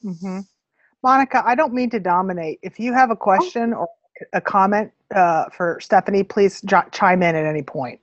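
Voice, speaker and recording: A woman's voice: medium pitch, normal speed, dry recording, highs cut off. A woman hosting a book club discussion, asking hesitant, conversational questions. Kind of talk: interviewing a guest.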